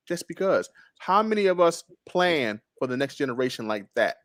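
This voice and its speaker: A man discussing a book chapter in a casual group talk, animated and laughing, repeating phrases. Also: medium pitch, normal speed, hardly any pauses, no room sound, clean studio sound. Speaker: book club member.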